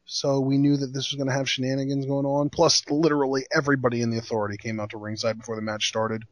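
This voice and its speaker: A man's voice: medium pitch, flat delivery, quick pace, dry recording. A man co-hosting a casual wrestling podcast, recapping with exasperated rhetorical questions. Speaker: podcast co-host.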